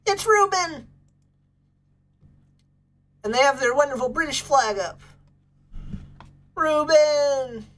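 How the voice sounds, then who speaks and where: A woman's voice: sits high, unhurried, long pauses. A woman hosting a casual livestream, bubbly and gushing as she chats with viewers. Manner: bubbly, gushes over pets and thanks chat. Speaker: livestream host.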